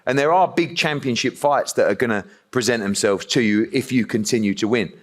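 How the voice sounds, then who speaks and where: A man's voice: mid-range voice, a little fast. A man interviewing at a press conference, asking long, rambling questions with many restarts.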